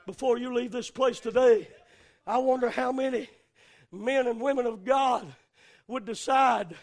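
Male Southern preacher, very high pitch, shouted chanting sermon delivery. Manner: shouting, chanted preaching with long drawn-out cries.

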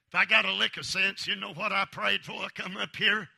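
Fairly quick and with hardly any pauses, a man with a high, gravelly voice and steady tone fervently shouts through a revival sermon. He swings between loud and hushed lines and calls on the congregation for amens.

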